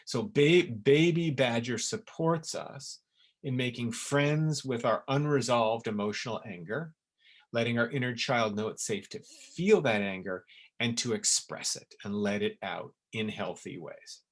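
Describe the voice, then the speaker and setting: A man's voice: medium pitch, unhurried. A middle-aged man giving a spoken webinar talk on emotional healing, earnest and emphatic, and he repeats words for stress. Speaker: essence maker giving a webinar.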